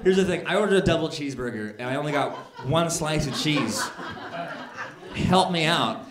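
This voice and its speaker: A man doing a stand-up comedy set, telling a long complaint story that builds to indignant shouting. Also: fairly high pitch, lively intonation, normal speed. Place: comedy club stage. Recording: echoey club with crowd laughter. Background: audience laughing.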